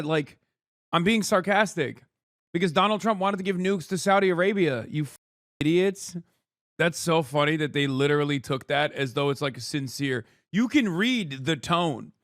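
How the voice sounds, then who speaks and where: A man in his thirties doing casual political commentary as a streamer, sarcastic and quick to swear, rattling through headlines. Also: on the high side, fairly bright tone, no echo, clean studio sound.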